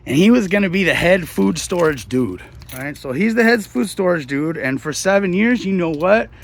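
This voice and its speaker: A man's voice: sits high, animated, normal speed, vocal fry. A middle-aged man, a hotel host, retelling a Bible story in a loose, slangy, rambling way. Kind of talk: casual storytelling.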